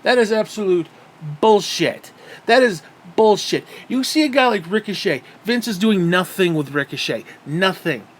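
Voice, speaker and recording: A man's voice: high voice, lively intonation, moderate pace. Profane, exasperated male wrestling ranter. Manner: profane, exasperated ranting with sighs. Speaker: wrestling reviewer. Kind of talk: ranting solo commentary.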